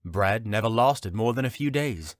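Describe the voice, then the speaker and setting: Lively male audiobook narrator. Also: lowish voice, moderate pace, no room sound, clean studio sound. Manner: steady storytelling. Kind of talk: scripted fantasy narration.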